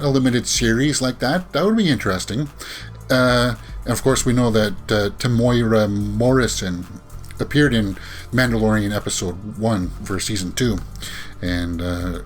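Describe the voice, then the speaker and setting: A man giving casual commentary as a movie news vlogger, rambling with frequent fillers and restarts and sighing, exasperated asides. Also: medium pitch.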